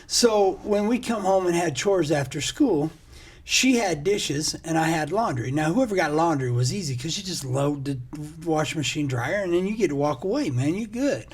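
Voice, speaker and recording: Middle-aged male podcast co-host, husky voice, lively storyteller, slightly high. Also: moderate pace. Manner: animated storyteller, laughs often. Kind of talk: casual chat.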